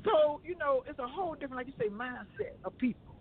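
A man co-hosting a casual talk show, telling stories in an animated way and repeating himself. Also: very high-pitched, fast, slight background noise. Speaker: co-host. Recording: tinny phone-like line.

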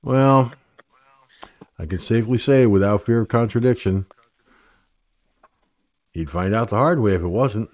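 A man's voice: fairly low pitch, unhurried, pauses often, darkish tone. An older man hosting an online talk radio show, joking and rambling crudely about everyday troubles. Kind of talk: casual call-in chat.

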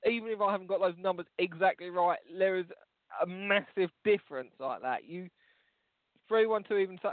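A man's voice: high-pitched, brisk, no echo. A man co-hosting a comedy podcast, talking in a crude, mocking, rambling way. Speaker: co-host. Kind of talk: casual comedy podcast banter. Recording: dry, phone-like lo-fi sound.

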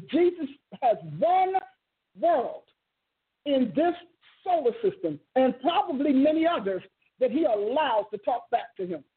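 High-voiced woman preaching over a tinny line. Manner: passionate, repeats and rephrases words, sudden exclamations. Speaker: preacher and teacher. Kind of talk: sermon. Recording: tinny phone-like sound.

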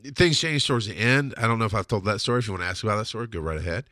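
A man's voice: on the low side, racing, sharp tone, no echo, clean studio sound. A man hosting a podcast, delivering a blunt, heated, profane solo rant. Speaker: podcast host. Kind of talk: ranting solo monologue.

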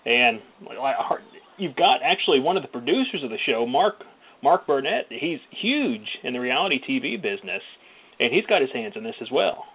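A man's voice: medium pitch, big pitch swings, moderate pace, husky. An easygoing male radio co-host makes a plug in a casual, promotional tone. His mid-range voice comes through a thin, phone-like band. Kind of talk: casual radio talk, plugging the show.

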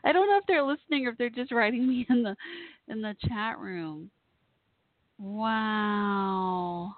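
A woman's voice: a little high, very animated, a little fast, dry recording. Tinny, gushing woman host. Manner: gushing, emotional, rambling. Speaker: internet radio show host. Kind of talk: casual live chat show. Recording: tinny phone-like sound, dry.

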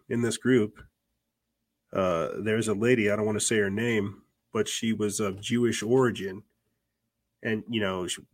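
Rambling low-voiced man. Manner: rambling, repeats words, many fillers. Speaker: podcast host. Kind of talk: casual political commentary.

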